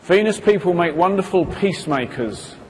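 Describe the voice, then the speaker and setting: High-voiced guy giving a slow talk on stage, quizzing the crowd, big hall echo, bit of hiss. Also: animated. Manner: asks the audience questions and acts out quotes. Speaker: seminar presenter. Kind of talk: live talk to an audience. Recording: reverberant hall, faint background hiss.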